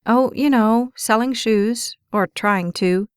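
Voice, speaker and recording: A bright, upbeat young woman working the shoe store floor, her voice lifted a bit higher than the narration, as a woman reader puts her on. She is an audiobook heroine, tired but friendly. The sound is close and dry. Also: slow, clear, resonant tone, no room sound.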